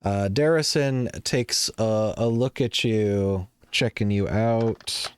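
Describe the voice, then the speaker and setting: A man narrating a tabletop game as game master, halting with many fillers. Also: fairly low pitch, clear, resonant tone, no room sound.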